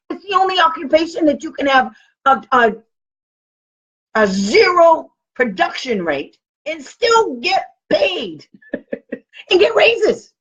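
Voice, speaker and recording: A woman giving a blunt, animated training talk to parents as a special education advocate. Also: high-pitched. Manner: animated, blunt and combative, with quoted comebacks. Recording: dull lo-fi recording.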